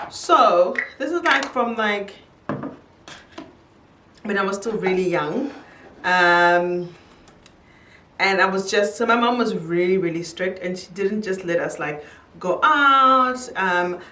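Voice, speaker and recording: A young beauty vlogger chats casually to camera while doing her makeup, telling a story and laughing easily. Her mid-range voice has a sharp tone and comes from off-mic in an echoey room, with slight background noise.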